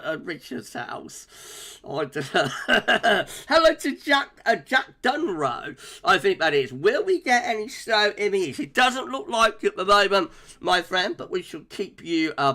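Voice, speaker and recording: A man's voice: high-pitched, sharp tone. A man hosting a weather livestream, chatting casually with viewers, often laughing and using lots of fillers. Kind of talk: casual livestream chat reading out viewer comments.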